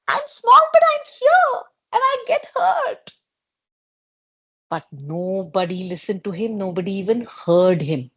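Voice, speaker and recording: Expressive Indian woman telling a children's story. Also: medium pitch, breathy edge. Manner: expressive, playful, with emphatic repetition. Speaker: educator and storyteller. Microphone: video call.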